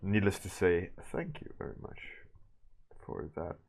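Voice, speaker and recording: A man's voice: low voice, very animated, unhurried, creaky, a little mellow. A man casually chatting with his livestream viewers while drawing, greeting them by name and trailing off mid-sentence. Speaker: streaming artist.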